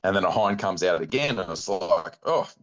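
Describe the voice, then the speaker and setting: Aussie bloke, deep low voice, rambling chatty hunting yarn, lots of likes and ums. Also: male voice, fairly quick, muffled recording. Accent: Australian. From Australia. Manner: rambling, animated anecdote telling with many fillers. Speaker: guest, bowhunting club chairman. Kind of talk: casual storytelling chat.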